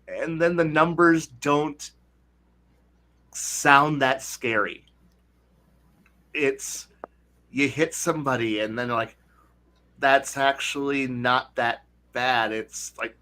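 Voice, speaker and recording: A man hosting a casual podcast chat about tabletop games, talking animatedly and slipping into quick voices for players. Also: medium pitch, pushed and bright. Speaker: podcast host.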